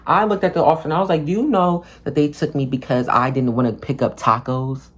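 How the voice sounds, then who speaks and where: A young man telling his story straight to the camera, rambling and casual, and full of "like". He swears freely and uses street slang. He acts out the other people in his story with quick changes in voice. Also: a little high, heavy background noise. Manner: rambling, heavy use of "like", profane slang; animated storytelling, acting out officers and himself. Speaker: vlogger. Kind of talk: storytime monologue.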